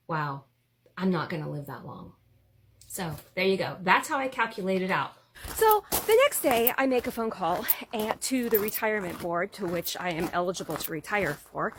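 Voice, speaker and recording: A woman in her fifties tells a personal story straight to the camera. She speaks in a middle-pitched voice and rushes through some stretches. She acts out the people in her story as she goes. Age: 50s. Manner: animated, chatty storyteller who acts out quoted voices.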